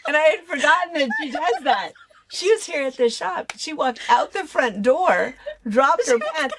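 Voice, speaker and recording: A woman's voice: high voice, normal speed, noisy background. An older woman and grandmother, chatting casually and telling funny family stories with lots of laughter. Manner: animated storytelling, laughs often. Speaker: shop owner and co-host. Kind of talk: casual chat.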